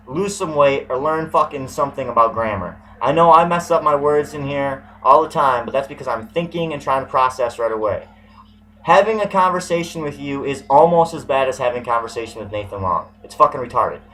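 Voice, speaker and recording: Bright-voiced man on a profane rant. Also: a little high, animated, brisk, rough recording. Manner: profane, ranting, swearing heavily. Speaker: vlogger. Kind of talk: angry ranting vlog.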